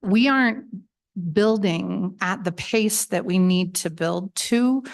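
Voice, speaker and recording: A woman's voice: medium pitch, slow. A woman giving friendly, conversational testimony to a legislative committee at a table microphone, often restarting her phrases as she explains. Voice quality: gravelly. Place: legislative committee hearing room.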